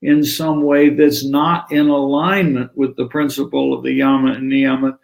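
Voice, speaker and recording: Gravelly-voiced man teaching yoga. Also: medium pitch, moderate pace. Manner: animated, acts out little dialogues. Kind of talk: conversational teaching on scripture.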